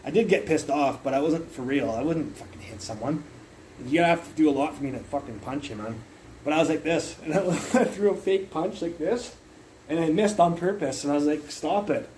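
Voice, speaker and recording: A man's voice: fairly high pitch, brisk, a little mellow, slight background noise, poor audio. A young man livestreaming from his phone, telling a long rambling story full of curses, fillers and restarts. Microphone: phone mic.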